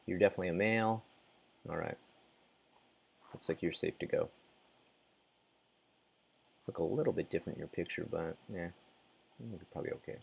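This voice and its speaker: A man's voice: low voice, normal speed, gravelly, long pauses, a little mellow, slightly rough. A man casually commenting as he plays a game, muttering, reacting and sometimes swearing. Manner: mutters and reacts while playing, swears, laughs. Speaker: gaming channel host.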